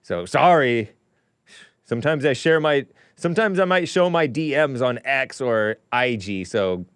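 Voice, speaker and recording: A man's voice: mid-range voice, expressive, a little slow, fairly bright tone, smooth, no echo, clean studio sound. A man hosting his own talk show, chatting casually in a rambling, musing way with offhand asides. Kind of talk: casual livestream monologue.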